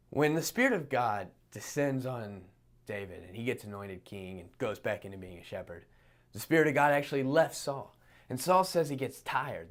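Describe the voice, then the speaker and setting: A man preaching a sermon, retelling a story in a casual, animated way with playful asides. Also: medium pitch.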